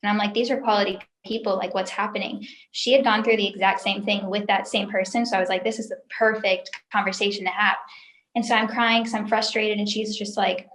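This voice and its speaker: A young woman speaks candidly as an interview guest, emotional and chatty, leaning on frequent filler words. Her voice sits at a middle pitch and carries a noticeable room echo. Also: little pitch movement, brisk, a bit bright. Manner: emotional, talkative, lots of "like" fillers. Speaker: interview guest, former sales recruiter. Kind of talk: candid personal story in an interview.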